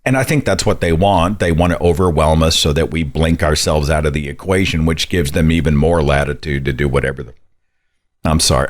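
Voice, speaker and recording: A man with a very low voice hosts a call-in show. He talks in an exasperated, rambling way. His questions climb sharply in pitch. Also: a little fast. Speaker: podcast host.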